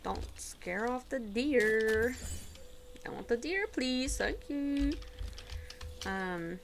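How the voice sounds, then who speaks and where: A woman streaming a video game from home, chatting casually with a giggly manner and dipping into soft, whispery asides. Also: fairly high pitch, lively intonation, drawn-out words, a little hiss or hum. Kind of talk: casual gameplay commentary.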